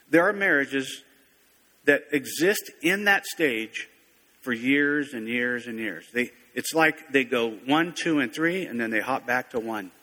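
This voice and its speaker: A man's voice: mid-range voice, bright, forceful tone. A man preaching a sermon in a conversational, folksy way, often correcting himself mid-sentence. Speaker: pastor. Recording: long reverb of a large hall.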